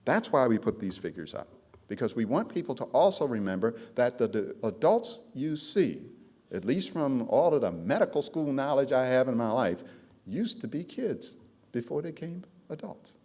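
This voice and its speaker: A man's voice: medium pitch, sing-song, normal speed, mellow. A man giving a presentation on trauma to a live audience of care providers, telling stories with emphasis and calling out to the crowd. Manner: emphatic storytelling, calls out to the audience. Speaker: trauma trainer.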